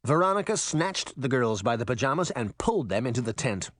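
A man's voice: on the low side, normal speed, no room sound, studio quality. A man reading a children's novel aloud as an audiobook narrator, in scripted narration. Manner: expressive storyteller.

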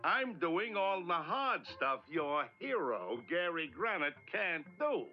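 An actor playing a loud, boastful caveman husband in a vintage cartoon. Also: on the high side, slow. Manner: blustering, excitable shouting. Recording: dull vintage cartoon soundtrack with music.

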